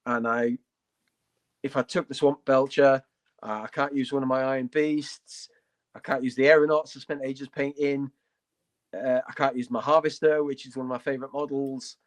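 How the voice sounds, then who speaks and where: A man co-hosting a laid-back hobby podcast, his voice sitting at an ordinary middle pitch. He talks with open enthusiasm and blunt, playful humor, riffing through his opinions. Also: flat delivery, normal speed. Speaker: podcast co-host. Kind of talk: casual hobby podcast chat.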